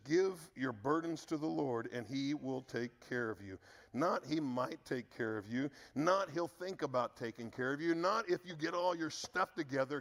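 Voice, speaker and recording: Middle-aged male pastor, gravelly, earnest sermon delivery, drops low on key words. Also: a bit bright, in a large hall.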